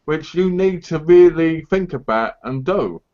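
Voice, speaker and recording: A man's voice: fairly high pitch, animated, unhurried, warm tone. Blunt lecturing man, muffled audio. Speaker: co-host of a live online chat giving advice. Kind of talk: casual live chat. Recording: dull lo-fi stream audio.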